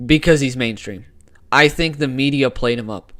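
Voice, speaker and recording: A man hosting a casual live sports talk stream, excitable and opinionated, using slang, on a wired desk microphone. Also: mid-range voice, normal speed, a little hiss or hum. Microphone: desk microphone with wire.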